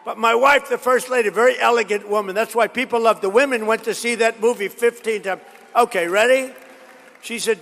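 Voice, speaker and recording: A man's voice: very high-pitched, fairly quick, gravelly, fairly bright tone. A man giving a rambling, boastful political rally speech, repeating himself and drifting into stories. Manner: boastful, repetitive, digressive storytelling. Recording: reverberant hall.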